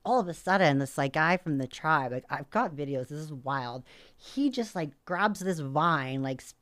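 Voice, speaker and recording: A woman from North America, a podcast guest, telling a story in an animated, casual way and often quoting herself. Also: low voice, normal speed. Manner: animated, frequent "like" fillers, quotes herself.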